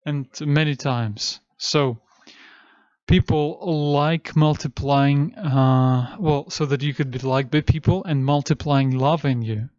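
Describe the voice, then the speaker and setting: A man with a fairly high voice lectures at a very slow pace, drawing out chanted syllables and pausing to cue each breath in and out. The recording is dry and dull, with a muffled top end. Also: fairly even intonation, darkish tone, no echo. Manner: repeats syllables slowly, cues breathing in and out. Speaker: esoteric teacher.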